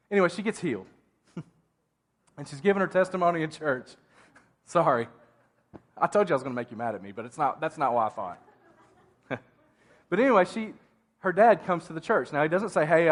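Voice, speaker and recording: A male pastor preaching a sermon in a church, talking conversationally with asides and restarts. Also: fairly high pitch.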